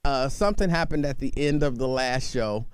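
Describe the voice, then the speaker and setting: A man's voice: mid-range voice, normal speed, smooth, dry recording. A man hosting a call-in talk radio show, chatting loosely and repeatedly breaking into laughter at a studio microphone.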